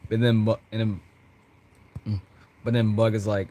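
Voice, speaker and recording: A man rambling excitedly about his characters, giggling and restarting his sentences often. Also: fairly low pitch, moderate pace. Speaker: content creator.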